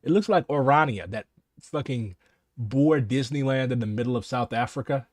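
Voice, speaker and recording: A man's voice: mid-range voice, normal speed, dry recording. A man giving casual reaction commentary, cutting in with blunt, sarcastic remarks and some swearing.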